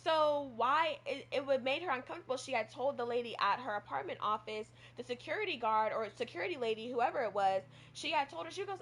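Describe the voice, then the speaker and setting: A woman co-hosting a casual talk show, animated, retelling a story and acting out what people said. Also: sits high, fast, hardly any pauses. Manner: animated, acts out quoted people. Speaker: podcast co-host.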